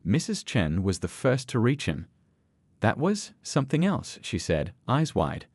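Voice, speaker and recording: A man narrating a scripted story in a steady, even storytelling read. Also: medium pitch, a little slow, husky, no echo.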